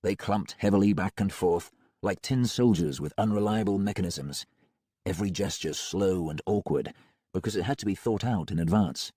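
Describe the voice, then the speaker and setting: A man narrating a first-person audiobook in a grim, measured way. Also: deep voice, dark tone, slightly rough, dry recording, studio quality.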